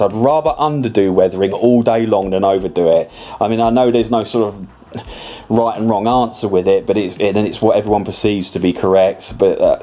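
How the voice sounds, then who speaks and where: A man's voice: on the low side, mellow. A man narrating a scale-model tutorial in a casual, chatty way, often restarting and correcting himself as he explains. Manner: rambling, chatty, self-correcting, with many restarts.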